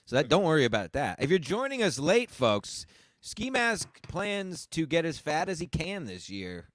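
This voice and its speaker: A man's voice: fairly high pitch, sing-song, normal speed, a bit bright, dry recording. Teasing mock-earnest man podcaster. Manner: teasing, mock-earnest, asks leading questions. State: coughing. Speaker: podcast co-host. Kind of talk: casual podcast banter.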